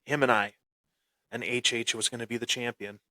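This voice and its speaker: A man hosting a wrestling podcast and telling a story with boastful heel bravado. He breaks into sudden loud bursts and often repeats and restarts his phrases. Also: medium pitch, fairly even intonation, moderate pace, no room sound. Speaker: podcast host.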